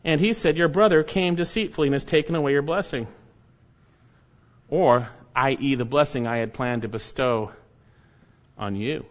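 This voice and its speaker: A man preaching an expository sermon, reading scripture verse by verse and rising to loud, emphatic exhortation. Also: on the high side. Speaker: pastor. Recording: dull lo-fi sermon recording.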